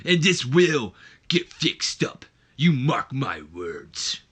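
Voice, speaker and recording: A man putting on the voice of a loud, angry male wrestler who rants belligerently during a let's play. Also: mid-range voice, big pitch swings, slow, breathy edge, exaggerated voice. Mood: ranting. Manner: shouting, belligerent rant.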